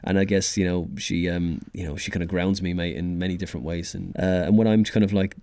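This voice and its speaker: A man's voice: sits low, fairly even intonation, a little fast, warm tone, no room sound. A man in his thirties hosting a podcast, rambling casually, swearing freely and calling people mate. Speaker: podcast host. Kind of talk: casual chat.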